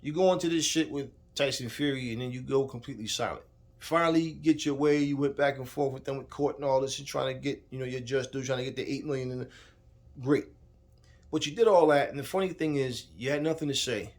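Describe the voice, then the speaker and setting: A man's voice: medium pitch, fairly even intonation, quick pace. Brief man, boxing commentator, angry off-the-cuff rant, cursing, mid-range voice. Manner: heated, profane, repetitive, talks straight at the subject. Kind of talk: casual ranting commentary.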